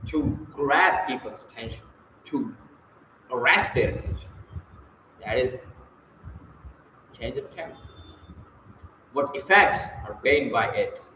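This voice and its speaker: A man's voice: medium pitch, animated, slow, long pauses, bright, forceful tone, a little hiss or hum. A man reading and answering textbook exercises aloud, casual and correcting himself as he goes. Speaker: self-study reader. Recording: echoey room with faint ambience.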